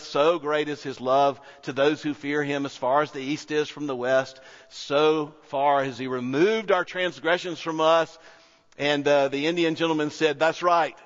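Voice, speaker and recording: A man delivers a sermon with earnest, storytelling warmth, his voice sitting a little high. The sound is dull and lo-fi, carried by a long reverb from a large hall. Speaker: pastor.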